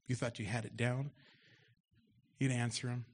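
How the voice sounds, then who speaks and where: Forceful preacher reading scripture aloud. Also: male voice, mid-range voice, flat delivery, moderate pace, a little hiss or hum. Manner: reads scripture aloud with rising force, then explains it conversationally. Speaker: pastor. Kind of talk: expository sermon. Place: church.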